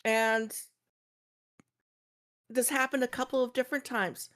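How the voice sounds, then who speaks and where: A woman's voice: on the high side, steady tone, measured pace, fairly bright tone. A woman from Canada with a neutral West Coast Canadian accent, telling stories in casual podcast chat as co-host. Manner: storytelling, acts out quoted dialogue.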